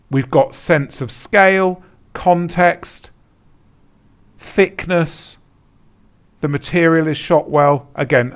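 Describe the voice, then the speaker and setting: Speaking in a somewhat high voice, a male Etsy consultant leads a screen-share tutorial. His style is blunt and forceful, with repeated words and laughter at poor examples.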